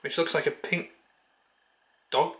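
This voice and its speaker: A man vlogging at home, chatting offhand with a handheld camera, muttering and swearing casually. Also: measured pace. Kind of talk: casual chat.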